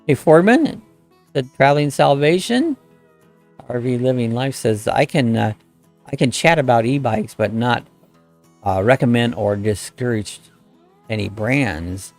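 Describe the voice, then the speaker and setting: A middle-aged man hosts a relaxed live-stream chat, reading out viewer comments and greeting people by name in a rambling, folksy way. His voice has a gravelly, rough edge. Faint music plays quietly behind him. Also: medium pitch, a little slow, long pauses.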